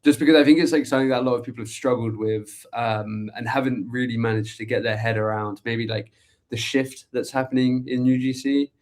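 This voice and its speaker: A man's voice: medium pitch, steady tone, fairly quick, darkish tone. A young English man, a guest in a casual interview, talking loosely with many fillers and laughs. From England. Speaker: guest, agency co-founder.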